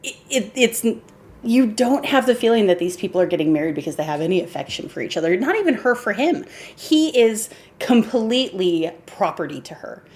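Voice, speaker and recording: A woman's voice: medium pitch, a little fast. A woman co-hosting a podcast, chatting casually about an old film, laughing often and acting out lines from it. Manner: animated, laughing, acts out quotes. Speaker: podcast co-host.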